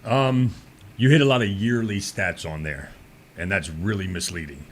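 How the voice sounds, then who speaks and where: Low-voiced man arguing sports picks. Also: moderate pace, a little hiss or hum. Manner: confident, building an argument. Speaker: sports radio co-host. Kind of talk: casual sports talk.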